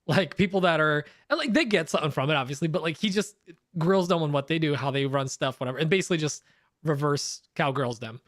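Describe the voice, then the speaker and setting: A man's voice: on the high side, lively intonation, fast, a bit bright, dry recording, clean studio sound. A young man co-hosting a podcast in casual chat, telling stories animatedly and laughing often. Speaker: podcast co-host.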